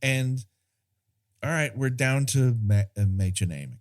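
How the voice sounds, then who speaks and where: A man's voice: mid-range voice, animated, measured pace. A man co-hosting a podcast, chatting casually about a film, rambling and searching for words. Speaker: podcast co-host.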